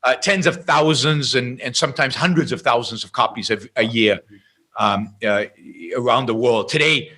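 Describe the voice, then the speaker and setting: A middle-aged man, a podcast guest, telling a story in an emphatic, animated way. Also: mid-range voice, moderate pace.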